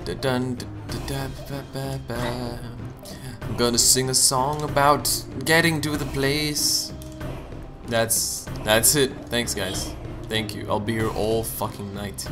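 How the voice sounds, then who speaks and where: A young man giving casual gaming commentary, joking, swearing and punning, with sudden loud outbursts. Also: medium pitch, steady tone, slow. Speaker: let's play gamer. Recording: game music behind the voice. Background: game music.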